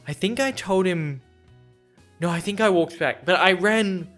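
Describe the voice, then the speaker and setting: A man's voice: high voice, measured pace, a bit bright, soft background music. Self-mocking young man, podcast host. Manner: rambling, self-deprecating, acts out both sides of conversations. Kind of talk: casual storytelling chat.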